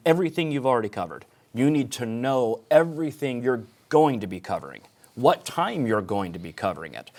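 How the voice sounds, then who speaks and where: A man speaking earnestly in a casual panel discussion among instructors, restarting some sentences. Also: lowish voice.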